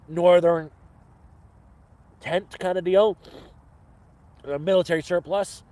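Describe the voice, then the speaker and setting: A man's voice: on the high side, a little mellow. Rambling upbeat man chatting on a live stream. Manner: rambling, upbeat, swears freely. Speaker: cooking stream host. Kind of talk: casual live-stream chat with viewers.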